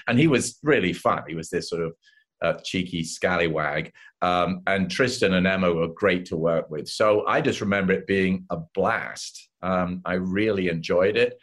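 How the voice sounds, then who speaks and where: Older english guy spinning showbiz stories, lowish voice, jumps into other people's voices. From England. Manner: animated anecdotes, acts out voices of others. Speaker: actor guest. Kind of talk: casual interview storytelling.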